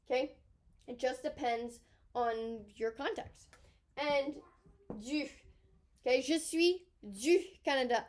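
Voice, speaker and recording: High-voiced chatty woman teaching French. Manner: chatty, thinks aloud while writing on a board. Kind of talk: classroom grammar lesson.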